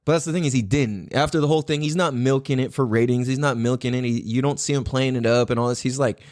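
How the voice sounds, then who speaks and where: A man hosting a podcast in casual chat, swearing freely and jumping up into a higher voice to act out what others said. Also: fast, no room sound, clean studio sound. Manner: animated, swears a lot, acts out quotes in a higher voice. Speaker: podcast host.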